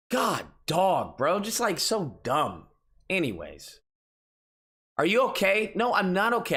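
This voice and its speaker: Male commentary host, lively pitch, exasperated and profane, mocking tone. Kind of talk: casual ranting commentary.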